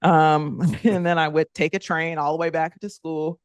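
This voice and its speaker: Podcast guest, woman, 30s, expressive storyteller who does voices for the people she quotes; dry, close sound. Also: normal speed, no echo. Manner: animated, acts out quoted kids in higher voices, laughs often. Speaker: podcast guest, former athlete. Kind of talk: conversational storytelling interview.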